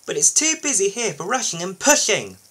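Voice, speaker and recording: Guy doing a squeaky snappy lady lorry, sour and fussy, storybook voice. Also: sing-song, a little fast, husky, heavily acted. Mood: snappish. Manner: sharp and scolding. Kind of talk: storybook reading.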